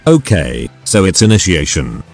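A man's voice: low-pitched, wildly swooping pitch, moderate pace, faint music behind, pitched below the performer's own voice, heavily acted. A synthetic male text-to-speech voice reading the lines of a drunk, masked male gang leader with a sneering, profane manner. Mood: casual.

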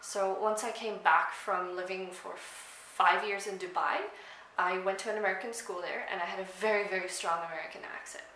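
A woman's voice: mid-range voice, fairly even intonation, moderate pace, bright, forceful tone, echoey room, slight background noise, poor audio. A young South African woman, Afrikaans by first language, chatting casually to camera as a language vlogger, with frequent ums and likes. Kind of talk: casual explanatory talk to camera.

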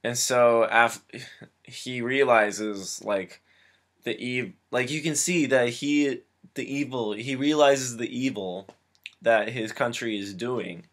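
A young man casually recapping an action movie, rambling with many fillers and growing excited as he goes. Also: mid-range voice, slow. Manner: rambling, filler-heavy, gets excited and laughs. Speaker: film reviewer.

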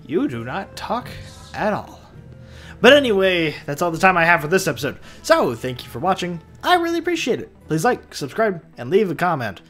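A man's voice: high voice, big pitch swings, a little fast, fairly bright tone, soft background music. A man doing casual let's play commentary, tired and yawning, rambling and talking to himself with frequent restarts.

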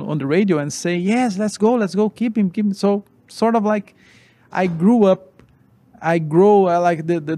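A man in his forties recounts a race in animated but halting English, full of restarts. His voice sits a bit higher than most men's. He is a guest telling stories in an interview. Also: dry recording. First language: Portuguese. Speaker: former racing driver, guest. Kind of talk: interview storytelling.

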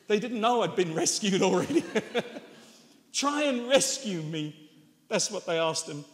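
An English man in his sixties preaches a sermon in a church hall, telling stories with chuckles and self-mockery. His high voice has lively intonation, and he goes slowly with frequent pauses. The hall's long reverb fills the recording.

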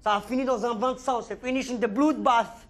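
A boastful French convict. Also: male voice, extremely high pitch, steady tone, fast, fairly bright tone. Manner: broken English mixed with French, stammering. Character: boastful French inmate, jittery and comically tough. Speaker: actor in film scene. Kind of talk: film comedy acting.

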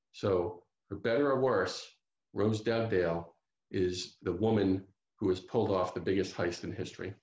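A man tells a true crime story at an author talk, pausing on fillers and restarting his sentences as he goes. His voice sits a little low. The sound comes through a video call, echoey and muffled. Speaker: author giving a library talk. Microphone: computer mic on a video call.

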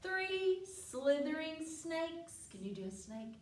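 Animated woman reading to children. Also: very high voice, takes it slowly. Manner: animated, playful animal sounds, laughs often. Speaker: library story time host. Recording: echoey room, mic far off.

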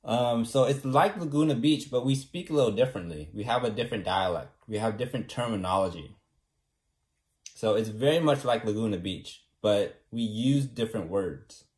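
A young man from California vlogs casually to the camera, his fairly low voice expressive, a little mellow, and at normal speed. He rambles with self-assurance and keeps checking in with "right?".

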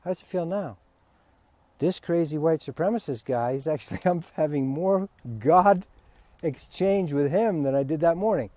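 A man, a spiritual teacher, giving a relaxed, candid talk and swearing freely. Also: on the high side, normal speed, no room sound.

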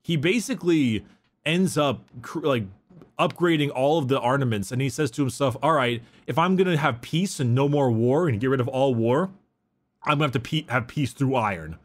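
A man's voice: medium pitch, normal speed. A man in casual chat, retelling a story in a rambling way and acting out the quotes. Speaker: podcast co-host retelling lore.

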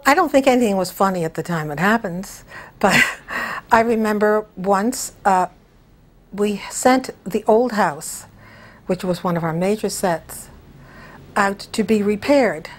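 Older lady director telling old tv stories, easygoing, little laughs here and there. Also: medium pitch. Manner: anecdotal, unhurried, chuckles through stories. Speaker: television director. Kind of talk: reminiscing interview.

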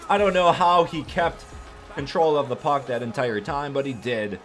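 A young man giving excited, hyped commentary over his own hockey video game, yelling at big plays and joking with crude words. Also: fairly high pitch, measured pace. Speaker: gaming YouTuber. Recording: faint music behind.

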